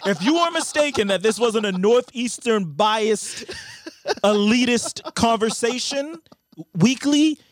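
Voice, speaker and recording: High-voiced blunt man talking sports. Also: expressive, slow pace, no room sound. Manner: blunt, profane, emphatic. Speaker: podcast co-host. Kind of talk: casual sports chat.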